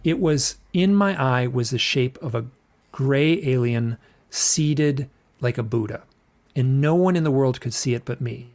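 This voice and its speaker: Middle-aged man, gravelly tone, loose repetitive storytelling, casual podcast guest. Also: medium pitch, a little slow, a little mellow. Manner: rambling, repeats phrases, acts out quotes. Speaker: podcast guest recounting an experience.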